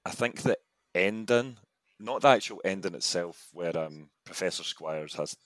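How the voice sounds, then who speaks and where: A man talking as a guest in a relaxed podcast chat, joking, swearing casually and putting on voices as he goes. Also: low-pitched, moderate pace, no room sound. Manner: chatty, laughs often, swears casually, mimics voices.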